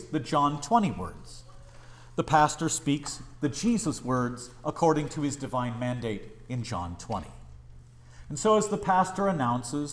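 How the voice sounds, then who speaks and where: A male pastor preaching a sermon, pleading and impassioned, swinging between raised urgency and hushed, tender lines. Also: mid-range voice, slight background noise.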